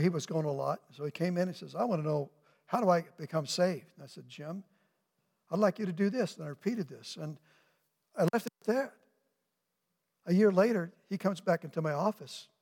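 An older male pastor delivers an earnest sermon, pressing his congregation with questions and slowing down to land his points. His voice sits a little high for a man and carries a gravelly edge. The sound rings out with the long reverb of a church hall. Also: a little mellow. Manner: earnest, asks rhetorical questions, slows for emphasis.

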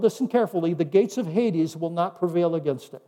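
High-voiced pastor preaching in a hall. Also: male voice, lively intonation. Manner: teaching, with scripture quoted in a slower, softer voice. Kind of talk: sermon.

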